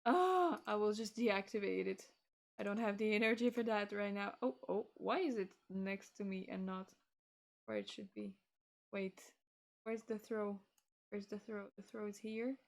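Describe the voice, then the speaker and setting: A woman's voice: medium pitch, normal speed. A woman VTuber hosting a casual stream, bubbly and scattered, laughing often while fiddling with her stream setup.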